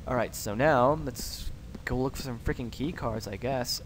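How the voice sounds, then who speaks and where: A man hosting let's play commentary, excitable, cursing freely and yelping when startled. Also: medium pitch, unhurried, slight background noise. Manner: excitable, swears a lot, yelps when startled. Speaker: gaming channel host.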